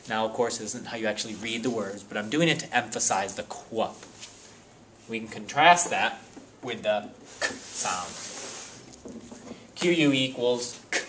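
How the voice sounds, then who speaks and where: A man teaching a spelling lesson, reading word lists slowly and sounding out each word with care. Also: medium pitch, lively intonation, a bit bright, a little hiss or hum. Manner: slow, deliberate word-by-word enunciation.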